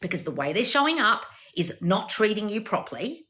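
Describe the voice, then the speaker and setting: A woman's voice: mid-range voice, sing-song, brisk, sharp tone. A woman, a manifestation coach, giving blunt, swearing advice in a lecturing monologue.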